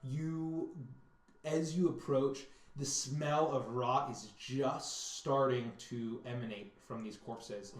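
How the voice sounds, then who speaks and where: A man narrating a tabletop game as game master, halting and repeating words as he describes scenes. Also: medium pitch, steady tone. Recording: echoey room.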